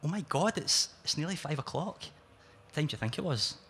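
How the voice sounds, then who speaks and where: A man's voice: on the high side, expressive, normal speed, a bit bright, slightly rough, voice pushed up, exaggerated voice. A man reading his story aloud, voicing a teasing, pleading young pregnant woman in a raised voice. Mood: coaxing. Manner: coaxing, mock-pleading.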